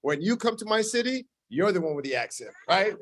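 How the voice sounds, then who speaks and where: High-voiced jokey New York City man. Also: fairly quick, dry recording. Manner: jokey, animated, frequent "right?" and "uh". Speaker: speaker at a business launch event. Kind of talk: storytelling onstage speech. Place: event room with an audience.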